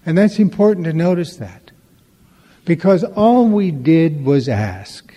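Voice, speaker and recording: A man's voice: a little high, lively intonation, slow, warm tone, long reverb tail. A man giving a storytelling talk at a recovery meeting, conversational and wry, acting out the dialogue in his stories.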